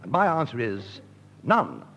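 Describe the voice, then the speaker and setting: A man performing deadpan radio sketch comedy in a mock-lecturing manner. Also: medium pitch, unhurried, vocal fry, slight background noise.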